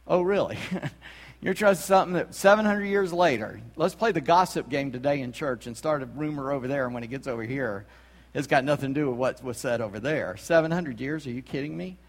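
A man's voice: mid-range voice, fairly quick. A man from South Carolina, preaching a sermon in a church, talking conversationally with emphatic rhetorical questions. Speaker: pastor. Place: church sanctuary. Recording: long church reverb.

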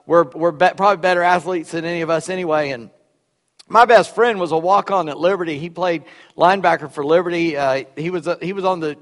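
A preacher with a notably high voice speaks in a folksy, halting way, doubling back on his words as he tells his story. His voice rings out with a long reverb from the church sanctuary around him. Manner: folksy, repeats words, drawls. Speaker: pastor. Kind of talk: sermon with personal story.

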